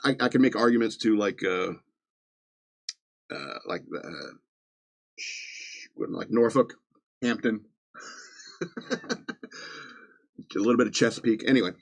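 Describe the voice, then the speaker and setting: A man's voice: fairly low pitch, animated, unhurried, gravelly, pauses often. A man hosting a podcast from Virginia, reading news stories with sarcastic, chuckling asides in a casual comedic style. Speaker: podcast host.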